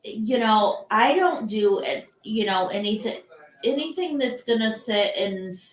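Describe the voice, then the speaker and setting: Slow-talking older woman, rambling chat. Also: a little high, animated, roomy sound, rough recording. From Michigan. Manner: rambling, many fillers and restarts. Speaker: live stream host. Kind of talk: casual chat.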